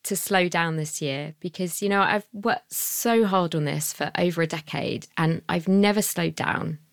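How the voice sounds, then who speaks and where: A woman's voice: fairly low pitch, measured pace, vocal fry, dry recording, clean studio sound. A woman in her thirties, a small business owner, talking earnestly as a podcast guest and laughing easily. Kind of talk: podcast interview.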